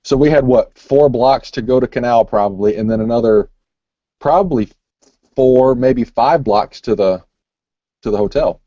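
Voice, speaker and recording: Dark-voiced man telling a rambling story. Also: medium pitch, normal speed, dry recording. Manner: rambling storytelling, heavy swearing. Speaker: podcast co-host. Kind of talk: casual crude chat. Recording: muffled lo-fi recording.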